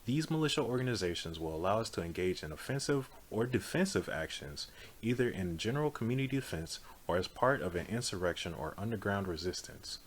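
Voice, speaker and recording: Male reader, lowish voice, earnest and measured read-aloud, light hiss. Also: expressive. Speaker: audiobook reader. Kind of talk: steady read-aloud of a political text.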